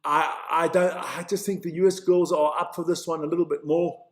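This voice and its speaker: A man from Switzerland giving chatty, excitable live play-by-play commentary for a stream, stumbling over player names and reading out the chat. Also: fairly high pitch, a little fast, reverberant.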